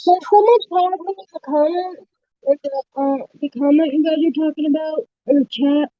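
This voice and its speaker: A woman with a fairly high pitch keeps asking questions in a puzzled way. Her voice comes through a muffled voice-call connection. It sounds dry and close. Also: moderate pace, no echo. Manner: puzzled, asks a lot of questions. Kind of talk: casual voice chat.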